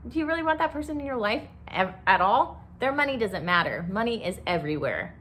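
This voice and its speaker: A woman's voice: medium pitch, sing-song, fairly quick, a bit bright, slight background noise. A woman hosting a solo podcast, talking candidly about grief in a blunt, profane, impassioned way. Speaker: podcast host.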